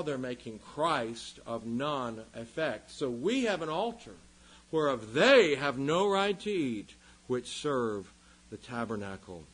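A man preaching a sermon with passion, rising to loud emphasis and dropping low again. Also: husky, rough recording. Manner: impassioned, swings from loud emphasis to quiet.

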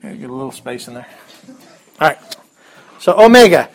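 High-voiced man teaching a class. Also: expressive, unhurried, pauses often, darkish tone. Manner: joking, chuckling, with many fillers and restarts. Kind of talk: casual classroom lesson.

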